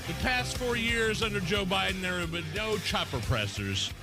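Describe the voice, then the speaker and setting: A man co-hosting a talk radio show, laughing and animated, poking fun with stammering impressions. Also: sits high, normal speed, over loud music. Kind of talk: casual talk radio banter. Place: radio studio.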